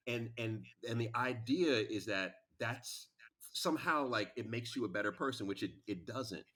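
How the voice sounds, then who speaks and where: A man who is a relationship expert, a podcast guest in casual chat, animated and repeating words for emphasis. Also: mid-range voice, normal speed.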